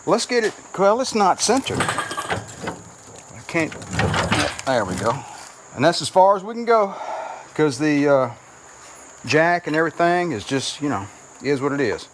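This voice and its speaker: A man's voice: a little high, sing-song, measured pace, pauses often. A man hosting a garage vlog, rambling in a folksy, self-deprecating way while working in his home garage and driveway. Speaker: garage channel host. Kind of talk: casual workshop vlog narration. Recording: noisy garage recording with clanking.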